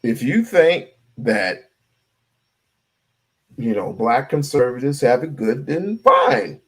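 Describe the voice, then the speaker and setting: A man's voice: medium pitch, sing-song, slow pace, husky. A man giving heated, profane live-stream commentary, ranting and repeating himself.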